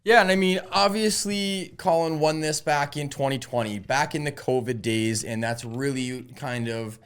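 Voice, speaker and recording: A man co-hosting a podcast with his brother, arguing his points in casual, animated chat. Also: mid-range voice, moderate pace, clear, resonant tone. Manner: animated, argumentative, casual swearing. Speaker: podcast co-host, golf betting.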